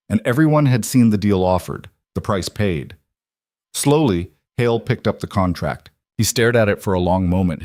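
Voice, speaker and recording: Man, scripted story narration, calm, even, low voice, dry close sound. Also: dry recording.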